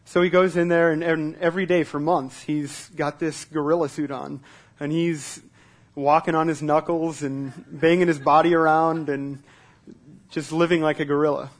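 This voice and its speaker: Man, pastor, conversational sermon, fairly high voice, repeats words as he starts sentences, asks the congregation questions. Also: level tone, moderate pace. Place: church service.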